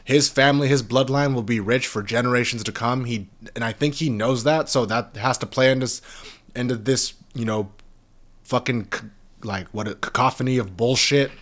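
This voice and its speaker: A man's voice: medium pitch, a bit bright. A young man hosting a podcast, ranting in a rambling, heated way and swearing heavily. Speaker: podcast host. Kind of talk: profane casual podcast rant.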